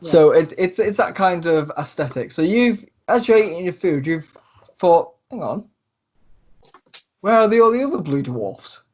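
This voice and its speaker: Chatty game master. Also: male voice, on the high side, highs cut off. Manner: chatty, rambling with restarts. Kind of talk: narrating a tabletop game.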